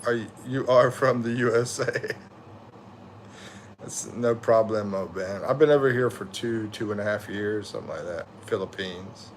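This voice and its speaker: A man's voice: fairly low pitch, normal speed, a little hiss or hum. Tired, rambling American man chatting live. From USA. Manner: rambling, self-correcting, loose slangy talk. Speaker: livestream host. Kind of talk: casual livestream chat reading viewer comments.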